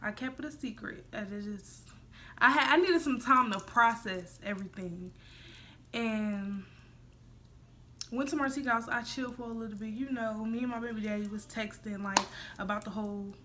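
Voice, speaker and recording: A young woman in her early twenties telling a personal story casually as a vlogger, chatty and full of "like" and "y'all", dropping to a hush for her inner thoughts. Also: on the high side, moderate pace, slight background noise. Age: young adult. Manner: chatty, says "like" and "y'all" a lot, drops to a hush for quoted thoughts.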